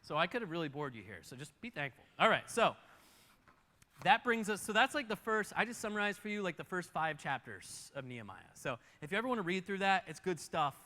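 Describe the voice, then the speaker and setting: A high-voiced, bright and energetic man preaches to a congregation, racing through the story with lively asides and playful character voices. His voice rings out with a long reverb, as if heard across a large church hall. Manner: fast, animated storytelling, acting out characters. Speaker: pastor. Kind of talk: sermon. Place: church auditorium.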